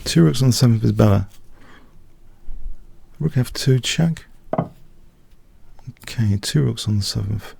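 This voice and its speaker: A man's voice: medium pitch, unhurried, gravelly, pauses often, background noise. A man streaming live blitz chess, thinking aloud and muttering moves in short clipped phrases.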